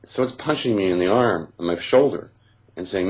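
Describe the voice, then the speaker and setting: A man with a very deep, low voice tells his own story as a personal testimony. He speaks haltingly and deliberately, with frequent fillers and restarts. He walks through each moment in careful detail. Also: expressive.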